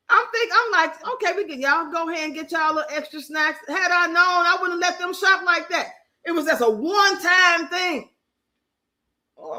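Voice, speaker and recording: An older woman hosting a livestream in casual chat, brassy and animated, often laughing, with speech. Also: on the high side. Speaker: livestream host.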